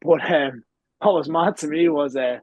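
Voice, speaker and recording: A man's voice: on the high side, unhurried, a little mellow, no room sound, muffled recording. A man in his twenties with an Irish accent, a podcast guest telling long rambling stories and swearing freely in casual chat. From Ireland. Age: 20s. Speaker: guest, pro wrestler.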